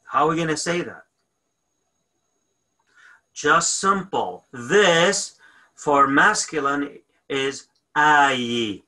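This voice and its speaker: A man teaching a grammar lesson, explaining step by step with frequent pauses, fillers and self-corrections, often checking in with "okay?". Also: fairly high pitch, animated, pushed and bright, poor audio. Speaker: language teacher. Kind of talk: recorded online grammar lesson.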